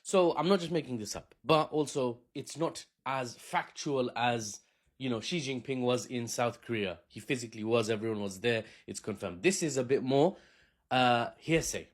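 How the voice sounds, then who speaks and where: A man's voice: medium pitch, moderate pace. A young man hosting a casual storytime commentary, joking, laughing at his own asides and slipping into silly put-on accents. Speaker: host.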